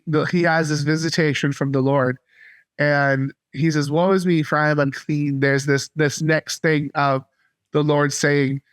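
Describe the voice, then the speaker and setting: A man's voice: fairly high pitch, clean tone, no echo. Earnest man from North Carolina. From North Carolina, USA. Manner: earnest, halting storytelling. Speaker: podcast guest. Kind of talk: casual faith testimony.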